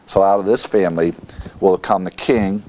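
A man teaching a verse-by-verse Bible lesson, reading scripture aloud and explaining it with halting asides and fillers. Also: deep voice, steady tone, darkish tone.

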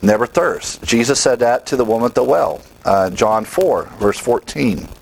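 A man's voice: medium pitch, expressive, normal speed, creaky, husky, rough recording. Emphatic male Bible teacher. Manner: emphatic, asks the listeners questions and answers them.

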